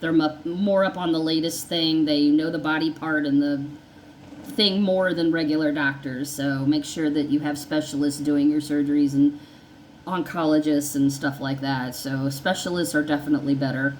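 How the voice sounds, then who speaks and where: A woman's voice: low-pitched, fairly even intonation, moderate pace, darkish tone, slight background noise, rough recording. A woman telling her own story in a casual, rambling way, often acting out what people said. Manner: rambling, conversational, repeats herself, acts out dialogue. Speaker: vlogger sharing her story.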